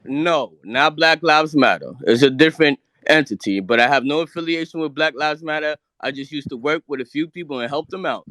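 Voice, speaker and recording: A man's voice: a little high, a little fast, hardly any pauses, sharp tone, dry recording. A man from the United States calling into a live audio room, arguing defensively with the host and talking over him. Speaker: caller. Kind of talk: heated call-in argument.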